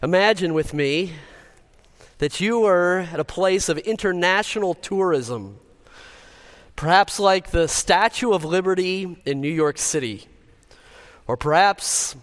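A male pastor delivers a sermon with earnest, measured phrasing and frequent pauses. His voice sits a little higher than most men's. The sound carries the long reverb of a large church hall. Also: animated. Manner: earnest, pauses often, leads the congregation in prayer. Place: church sanctuary.

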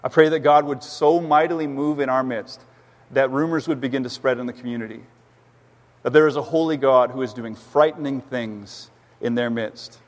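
A man's voice: medium pitch, fairly even intonation, moderate pace. A man, a pastor preaching a sermon in a church, earnest and emphatic with frequent restarts. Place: church sanctuary. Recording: long hall reverb.

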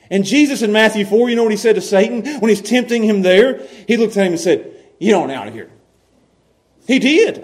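A man preaching a sermon as pastor, animated, swinging from loud to hushed and laughing often. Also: sits high.

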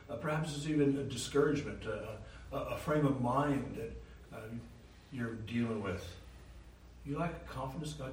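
A man preaching a sermon, emphatic, rising to loud declarations and dropping low again. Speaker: pastor. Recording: roomy, from a distance, faint hiss.

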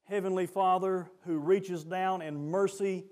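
Man, preacher, high voice, fervent, swings from quiet to shouting. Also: steady tone, unhurried. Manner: rising to fervent shouts, then dropping low. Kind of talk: sermon.

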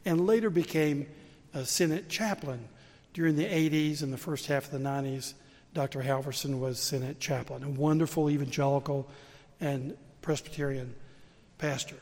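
Man, pastor, earnest sermon, storytelling, slightly higher voice, long hall reverb. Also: a little mellow.

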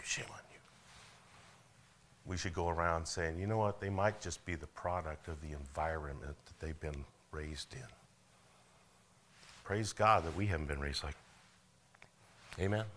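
A middle-aged man preaching a sermon, stumbling over repeated words, asking for amens and building to loud, rising passages. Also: low-pitched, slight background noise. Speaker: pastor.

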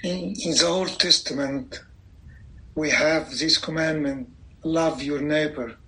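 A man's voice: a little high, steady tone, slow pace, pushed and bright, rough recording. A man in a Bible discussion, thoughtfully raising a question. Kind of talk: Bible reading meeting discussion.

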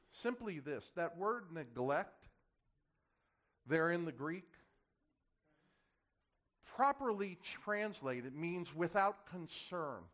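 A man's voice: fairly high pitch, sing-song, slow, pauses often, a bit bright. A man preaching a sermon to his church, impassioned, his voice swelling and dropping as he drives his points home. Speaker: pastor.

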